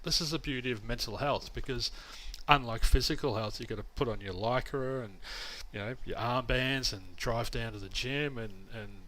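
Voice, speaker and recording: A man's voice: mid-range voice, normal speed, few pauses, pushed and bright. A man co-hosting a casual podcast chat, blunt and swearing casually. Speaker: podcast co-host.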